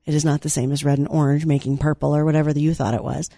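A lifelong North Dakotan hosting farm radio, quick with snarky asides and easy jokes. The voice sits at a middling pitch and comes through close and dry on a studio mic, with no room around it. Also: flat delivery, vocal fry, mellow, no room sound. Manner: wry, snarky, chatty. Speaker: radio farm show host. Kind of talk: casual on-air chat.

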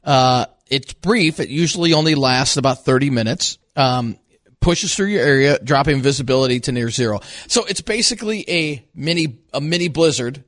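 A man's voice: mid-range voice, moderate pace, a bit bright, dry recording, studio quality. A man co-hosting a farm radio show who explains the weather in an easygoing, agreeable way, with lots of ums and uhs. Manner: easygoing, filler-heavy, agreeable. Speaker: radio co-host giving weather. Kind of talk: casual on-air chat.

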